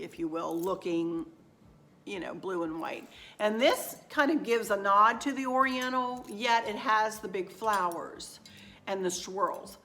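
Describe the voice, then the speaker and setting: A woman's voice: mid-range voice, a bit bright. A middle-aged woman chatting in a rambling, folksy way as she shows home decor finds. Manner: rambling, folksy, self-deprecating, talks straight to viewers. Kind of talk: casual chatty shopping haul. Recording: echoey room.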